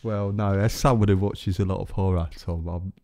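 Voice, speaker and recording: Rambling, gravelly podcast co-host man. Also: low voice, steady tone, moderate pace, warm tone. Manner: rambling, self-correcting, jokey. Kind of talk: casual chat.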